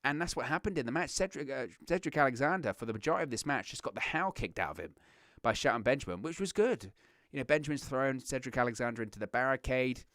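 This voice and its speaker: A young man hosting a wrestling reaction show, chatting casually with lots of restarts and animated asides. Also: medium pitch, fast talker, dry recording, clean studio sound. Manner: rambling, animated, self-interrupting with restarts. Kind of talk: casual solo commentary.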